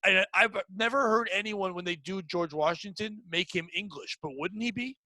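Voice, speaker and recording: A male comedian guests on a podcast, riffing through jokey stories. His voice runs high and bright. The sound is close and dry, with no room around it. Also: normal speed, dry recording. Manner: jokey, animated storyteller. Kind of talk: casual chat.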